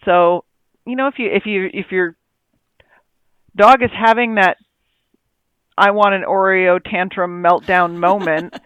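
A woman's voice: mid-range voice, steady tone, measured pace, pauses often, a bit bright, smooth, no room sound, dull audio. A woman co-hosting a casual chat about dog training, rambling and acting out her dogs' thoughts in little quoted voices.

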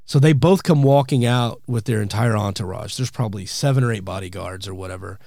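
Man, comedian podcast host, lively storyteller, dry close sound. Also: fairly low pitch, a little fast, no echo. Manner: animated storyteller, acts out quotes. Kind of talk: casual storytelling chat.

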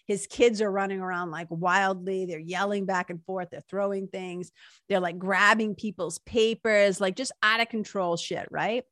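A woman's voice: medium pitch, steady tone, normal speed, a bit bright, no room sound, clean studio sound. A woman talking casually, retelling a story from a book, full of "like" and "right?" asides. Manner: chatty, lots of "like" and "right?" tag questions. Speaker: speaker retelling a book passage. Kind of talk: casual talk with read-aloud quotes.

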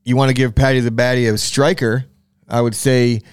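A man's voice: mid-range voice, little pitch movement, fairly quick, clean tone, no room sound, clean studio sound. A man hosting a casual podcast chat, joking and swearing freely. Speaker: podcast host.

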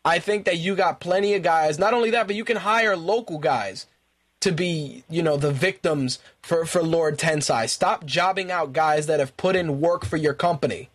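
A man's voice: a little high, moderate pace. A man hosting a talk radio show, ranting in profane, exasperated bursts and repeating himself when worked up. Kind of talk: ranting wrestling commentary.

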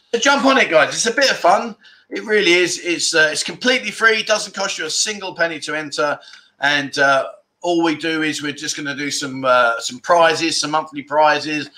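A middle-aged man hosts a casual home livestream in a bright, forceful voice that sits a little high for a man. He rambles and chats freely, reads out viewer comments, and lets the odd swear word slip. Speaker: livestream host. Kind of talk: casual live chat reading comments.

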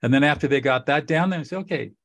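A man's voice: mid-range voice, fast talker, fairly bright tone, no room sound. Give me a middle-aged man hosting an interview, earnest and instructive, in a dry, close recording. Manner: earnest, instructive, repeats phrases for emphasis. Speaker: podcast host. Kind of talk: conversational interview.

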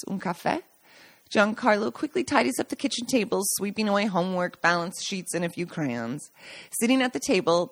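Woman, podcast host, memoir reading, somewhat low pitch, warm storytelling, occasional slips and restarts. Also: no room sound. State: choked up at times. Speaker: podcast host reading her own book.

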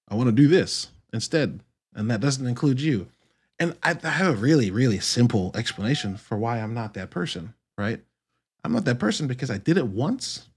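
A man with a husky voice hosts his own podcast, thinking aloud in a casual, rambling way. He swears freely and often restarts his sentences. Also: medium pitch. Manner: casual, profane, rambling with self-corrections. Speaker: podcast host. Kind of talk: solo podcast monologue.

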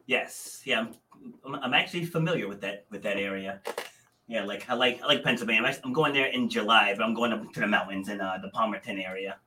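A man's voice: on the low side, quick pace, pushed and bright, slight background noise, poor audio. A man with a New England accent hosting a podcast interview, chatty and friendly, laughing often. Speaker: podcast host. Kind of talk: casual interview chat.

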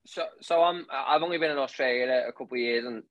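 A man's voice: medium pitch, fast, a bit bright. A man hosting an interview, chatting loosely and joking, with casual swearing. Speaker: podcast host.

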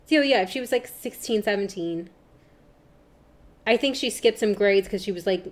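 A woman co-hosting a podcast in casual chat, relaxed and matter-of-fact. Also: mid-range voice, normal speed. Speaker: podcast co-host.

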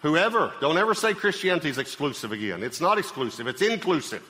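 Bright-voiced man preaching in a hall. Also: on the high side, sing-song, fast talker. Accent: Southern US. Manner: conversational, repeats phrases, checks in with the audience. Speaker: pastor. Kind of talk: sermon. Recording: live sermon in a reverberant hall.

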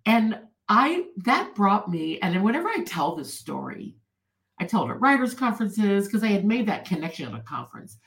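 A woman guest telling her personal story in an interview, earnest and animated. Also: medium pitch, normal speed, vocal fry, roomy sound, low-quality recording.

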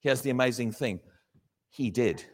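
A man preaching a sermon to a congregation, animated and questioning his listeners, often acting out little dialogues. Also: mid-range voice, moderate pace, long reverb tail.

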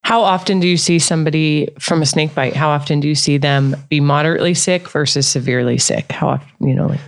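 Gravelly guy, kinda high voice, podcast cohost tossing in jokes and questions. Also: fast talker. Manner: curious, joking asides and questions. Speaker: co-host. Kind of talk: casual podcast chat.

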